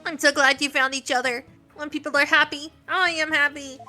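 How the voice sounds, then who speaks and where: A woman voicing a cheerful male helper robot that starts to glitch, reading his lines in a stilted, flat way. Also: sits high, a little fast, faint music behind. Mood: glitchy.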